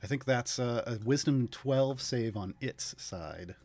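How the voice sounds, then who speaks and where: A man playing in a tabletop game, calmly describing his character's actions with dry, grumbling humor. The sound is close and dry, with no room around it. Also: mid-range voice, a little slow, no room sound. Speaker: player.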